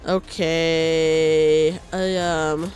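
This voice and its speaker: A woman's voice: low voice, flat delivery, drawn-out words, darkish tone, soft background music. A young woman streamer chatting with her audience and reading game dialogue aloud during a live game stream. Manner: chatty, giggly, reads game lines aloud.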